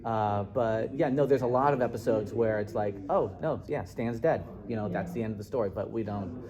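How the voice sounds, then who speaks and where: A middle-aged man, a showrunner, answering press questions with dry jokes and halting restarts. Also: lowish voice, steady tone. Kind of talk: press interview. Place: busy convention press room. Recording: crowded convention room noise. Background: crowd chatter.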